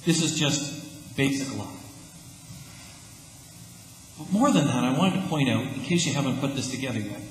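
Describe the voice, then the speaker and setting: A man's voice: mid-range voice, lively intonation, brisk, slight background noise. A man preaching a sermon in a church, earnest and emphatic in an easy, conversational way. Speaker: pastor. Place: church sanctuary. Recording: echoey church hall, faint ambience.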